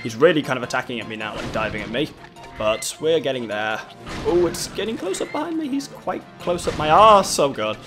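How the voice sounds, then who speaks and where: A man commentating his way through a video game in a jokey, wry manner. His pitch swings around in a lively way, and faint game music plays behind him. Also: a little fast. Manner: jokey, wry, laughs often. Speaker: let's play host. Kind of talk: gameplay commentary.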